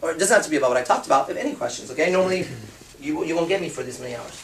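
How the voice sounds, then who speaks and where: Brief: profane, emphatic male seminar speaker, a bit high, heard from a distance in an echoey room. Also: racing, a little hiss or hum. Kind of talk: live seminar talk. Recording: roomy hall, speaker off-mic.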